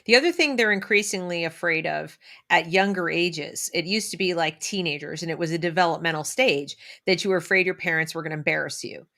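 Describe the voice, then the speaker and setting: A middle-aged woman co-hosting a podcast in casual conversation, animated and lively as she talks. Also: lowish voice, brisk, gravelly. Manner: animated, acts out quotes of her kids. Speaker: podcast co-host.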